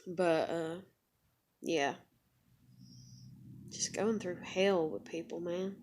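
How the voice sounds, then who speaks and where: Very slow and fairly low-pitched, with a darkish tone, a young vlogger delivers a confessional monologue about her own life. It's rambling and candid, laced with swearing and fillers.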